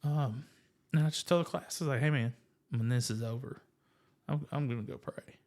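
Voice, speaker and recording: A man shares his faith story with friends in casual storytelling. His delivery is animated and self-deprecating, and he leans heavily on fillers as he talks. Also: medium pitch, brisk. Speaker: guest sharing testimony.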